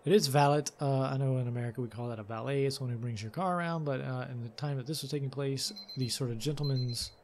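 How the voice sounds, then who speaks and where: Relaxed man hosting a let's play, reads the game's story text, thinks out loud, mid-pitched voice, from louisiana. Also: fast, few pauses, slight background noise. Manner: laid-back, thinks aloud with frequent ums and uhs. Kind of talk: reading game text aloud with casual commentary.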